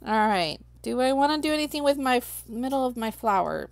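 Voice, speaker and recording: A woman's voice: fairly high pitch, expressive, fairly quick, creaky, hardly any pauses, no room sound. A woman hosting a crafting livestream, chatting casually with viewers and thinking aloud while she works. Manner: chatty, talks to herself while working, reads chat aloud.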